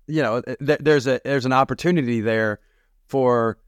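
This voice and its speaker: A man talking as a podcast guest, animated and quick in bursts, often laughing as he tells stories. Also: medium pitch, smooth, dry recording. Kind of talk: reflective conversational podcast.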